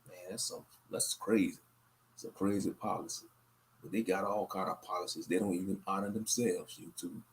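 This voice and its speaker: Deep gravelly man, tired late-night ramble. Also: normal speed, slight background noise. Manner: low-key and monotone, rambling. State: tired, worn out. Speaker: livestream host.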